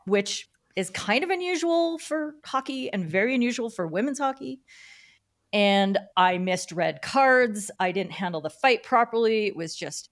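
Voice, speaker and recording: Middle-aged woman, podcast guest, lively storyteller, mid-pitched, relaxed and candid. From Canada. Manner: animated storyteller who acts out quoted dialogue. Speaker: podcast guest, field hockey umpire. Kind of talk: casual interview storytelling.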